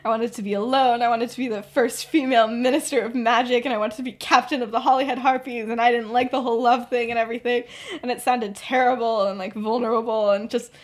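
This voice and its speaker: Woman quoting a warm, reassuring mother figure. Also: a little high, steady tone, fast talker, lightly acted. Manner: reassuring, chatty. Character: kind, upbeat middle-aged mother figure.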